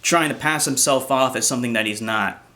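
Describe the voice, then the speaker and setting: A man's voice: medium pitch, a little fast, pushed and bright. A man delivering a ranting commentary vlog in an indignant, profane tone, often restarting his sentences. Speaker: commentary vlogger.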